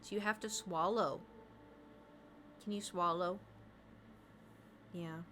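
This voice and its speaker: A woman's voice: fairly low pitch, fairly even intonation, takes it slowly, fairly bright tone, slight background noise. A woman streamer chatting casually, telling rambling stories and talking to her cat.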